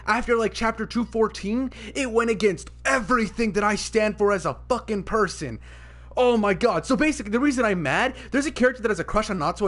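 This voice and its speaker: High-voiced young man ranting profanely. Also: fairly bright tone. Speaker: streamer. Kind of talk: casual stream rant.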